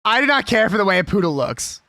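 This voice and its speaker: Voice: mid-range voice, sing-song, fast, bright, forceful tone, dry recording, studio quality. A young adult live streamer chatting casually and with strong opinions while reading a list aloud.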